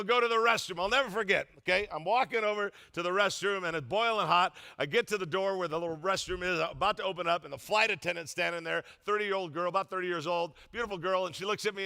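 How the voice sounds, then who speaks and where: An older man preaching a sermon as pastor, telling funny stories with loud, emphatic bursts. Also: sits high. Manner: humorous storytelling, animated, loud emphatic bursts.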